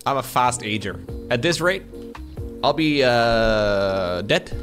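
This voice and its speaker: A man talks loosely over his editing work, rambling and laid-back and dropping a casual swear now and then. His pitch swings around a lot, and soft music plays faintly underneath. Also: animated, slow pace. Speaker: video editor. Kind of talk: casual commentary while editing.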